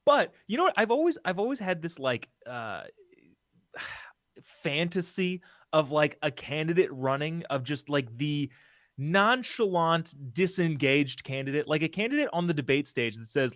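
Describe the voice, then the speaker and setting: A man's voice: fairly high pitch, sing-song, measured pace, a bit bright, dry recording, studio quality. A young adult man, a comedian guest on a political stream, talking casually with many restarts and fillers. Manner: rambling, self-interrupting, hesitant fillers.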